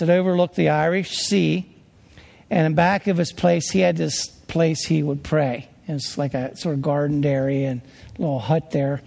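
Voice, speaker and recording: A man's voice: fairly high pitch, creaky, darkish tone, in a large hall. A man from Pennsylvania, a pastor telling a story in an earnest, conversational sermon with frequent restarts.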